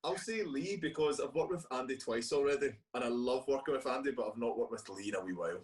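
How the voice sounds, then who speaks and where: Scottish male guest, loose and halting, recorded at a distance. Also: medium pitch. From Scotland. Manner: rambling, hesitant, many restarts. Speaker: guest actor. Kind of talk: casual interview chat. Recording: distant from the mic.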